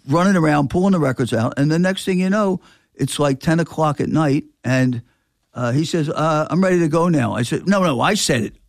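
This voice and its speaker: Older man telling a lively story. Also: on the high side, no room sound, clean studio sound. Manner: animated, acts out quoted dialogue. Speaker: record store owner. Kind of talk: casual storytelling.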